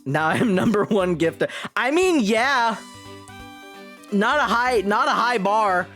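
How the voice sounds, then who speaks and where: Animated, laughing woman streamer. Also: mid-range voice, slow, soft background music. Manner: animated, laughs often, swears freely. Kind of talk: casual live-stream commentary while playing.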